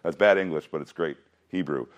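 A man's voice: a bass voice, brisk. A man teaching a Bible class, mixing reading with joking asides and questions to the students.

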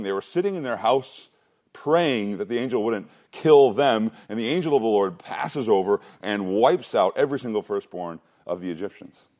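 A man's voice: mid-range voice, darkish tone. Emphatic male preacher, rhetorical questions. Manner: repeats words at restarts. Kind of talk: sermon.

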